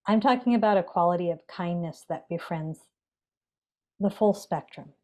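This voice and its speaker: A woman with a fairly low voice, a meditation teacher, is a guest on a podcast. She speaks gently and reflectively at a measured pace, with pauses and fillers.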